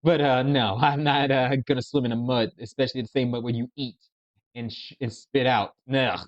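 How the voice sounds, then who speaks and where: A man's voice: mid-range voice, fairly even intonation, normal speed, no room sound. A man casually commenting on videos, rambling and hesitant with many restarts. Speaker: reaction video host. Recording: dry, dull lo-fi sound.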